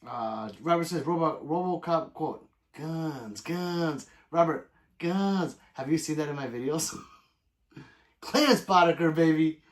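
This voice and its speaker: Lively, casual livestream host man. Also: a little high, moderate pace. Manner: loose and profane, plugs merch and subscriptions. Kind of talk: casual livestream chat, reading viewer comments aloud.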